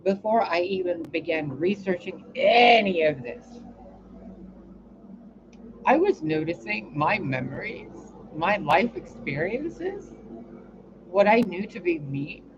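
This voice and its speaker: A woman's voice: on the low side, very animated, slow. Woman host, exasperated, profane rambling monologue; muffled lo-fi recording with a faint hiss. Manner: profane, exasperated, swings between loud outbursts and quiet asides. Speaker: spiritual reader and channel host.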